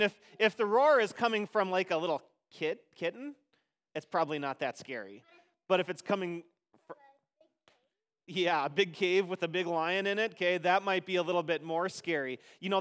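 A pastor speaking to kids at the front of a church, his voice sitting high for a man. He is gentle and playful, restarting his sentences often. The sound rings with the long reverb of a large hall. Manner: gentle, playful talk to children with many restarts. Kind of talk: children's message in a church service. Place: church sanctuary.

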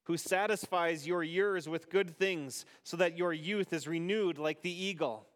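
A man leading a service as pastor, reading scripture aloud to a congregation in an unhurried way. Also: fairly high pitch, a bit bright. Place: church sanctuary. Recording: long reverb of a church hall.

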